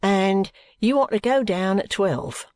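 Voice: medium pitch, slow, a little mellow, dry recording, pitched above the performer's own voice, close to an everyday voice. A reader voicing a pompous, touchy young male law clerk who protests at length in flowery, wounded terms. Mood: curious. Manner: wordy, injured remonstrance.

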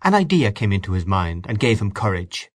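In a dry, studio-quality recording, a man narrates a classic story for an audiobook, reading his script in a measured and expressive manner. His pitch leans low.

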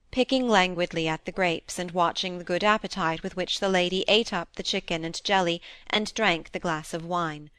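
A woman reading a classic novel aloud in steady, measured narration. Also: lowish voice, clear, resonant tone, no echo. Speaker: audiobook reader.

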